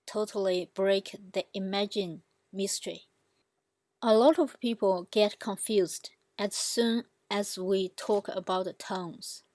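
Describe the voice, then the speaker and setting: A woman's voice: mid-range voice, no room sound. A woman language teacher giving a patient instructional explanation and demonstrating example words.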